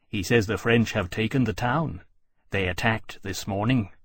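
A huge, gentle dragon, as a male narrator reads him, speaking calmly and attentively. The voice is husky and close in a dry audiobook recording. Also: fairly low pitch, moderate pace, no room sound.

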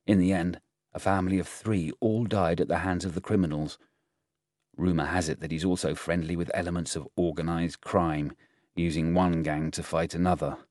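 A man voicing a discreet army officer who speaks in hushed, confiding tones in an audiobook reading. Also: low-pitched, dry recording, studio quality. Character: discreet male army officer gossiping quietly.

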